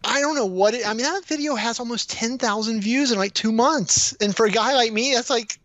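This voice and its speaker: High-voiced wry male co-host. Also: brisk, a bit bright, dry recording. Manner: wry, teasing. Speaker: podcast co-host. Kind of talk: casual tech podcast banter. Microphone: headset.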